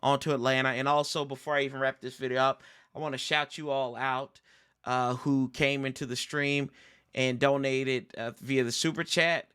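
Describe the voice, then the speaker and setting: A man hosting a fan sports stream, ranting in an exasperated, animated way and calling his viewers y'all. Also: medium pitch, moderate pace, smooth. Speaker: sports podcast host. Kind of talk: casual fan commentary.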